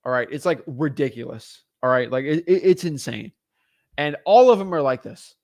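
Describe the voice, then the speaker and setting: A man coaching real estate wholesaling in a blunt, energetic, casual way. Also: fairly high pitch, moderate pace, no room sound, clean studio sound. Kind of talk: casual instructional talk.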